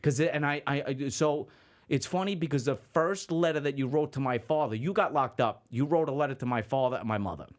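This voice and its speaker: A man hosting a podcast, chatting casually with his guest, halting often with fillers and swearing freely. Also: mid-range voice. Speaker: podcast host. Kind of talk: casual interview chat.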